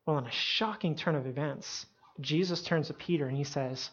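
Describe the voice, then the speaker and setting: A woman telling a Bible story as a sermon, animated and dramatic, with asides to her listeners. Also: deep voice, normal speed. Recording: dull lo-fi sound.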